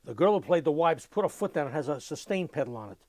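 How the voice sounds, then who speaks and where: An older man, telling lively anecdotes in an oral history interview and mimicking sounds as he goes. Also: a little high, fast talker, no echo. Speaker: interviewee, musician.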